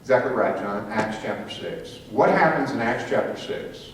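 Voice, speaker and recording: A man's voice: fairly low pitch, lively intonation, normal speed. A man teaching a church class who asks the group questions and calls on people by name. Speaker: Sunday school teacher. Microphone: room mic from a distance. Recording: echoey room from far off, faint hiss.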